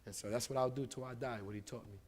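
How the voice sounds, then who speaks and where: A man from the United States preaching live in a mosque, with a mid-range voice. His talk is loose and informal, with plenty of slang. He swings from loud, punchy lines to very quiet, intimate ones. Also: mid-range voice, steady tone, quick pace. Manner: informal street-style speech with big swings of volume. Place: mosque hall.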